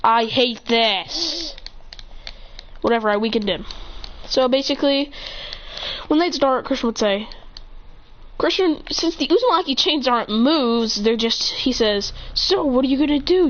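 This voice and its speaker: A woman improvising a fan story while gaming, rambling, correcting herself and getting excited as she jumps between characters' lines. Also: a little high, slight background noise. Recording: dull lo-fi recording.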